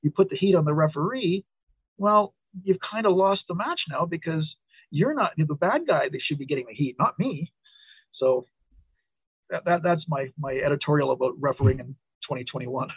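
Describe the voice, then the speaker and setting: A man's voice: a little high, normal speed, husky, no room sound. Man on a tinny phone line. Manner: storytelling, animated quoting. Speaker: wrestling referee, guest. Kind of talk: casual interview chat.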